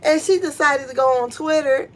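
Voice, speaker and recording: A middle-aged woman giving casual gossip commentary, blunt and profane, who jumps into squealing high voices when she quotes people. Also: normal speed. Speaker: show commentator.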